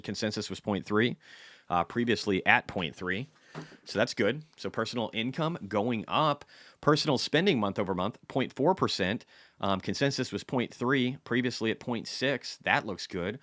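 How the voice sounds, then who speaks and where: Blunt guy doing a casual market livestream, low voice, dry close sound. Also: animated, normal speed, fairly bright tone, dry recording. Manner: blunt, chatty, reads data aloud and answers chat. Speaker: stock market livestream host.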